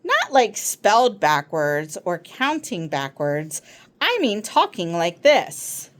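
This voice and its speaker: Woman reading chatty schoolboy, excitable, rambling, eager, very lively pitch, storybook. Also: unhurried.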